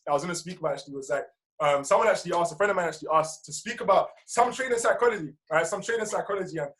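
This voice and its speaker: A man leading a motivational team call over video, energetic and slangy, often asking "right?". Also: high voice, rapid-fire, rough recording. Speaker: team trainer.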